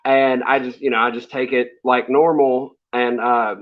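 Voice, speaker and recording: A man's voice: medium pitch, level tone, normal speed. A man telling stories as an interview guest in casual chat, laid-back and rambling with fillers and small laughs. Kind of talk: casual storytelling. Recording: dull lo-fi sound.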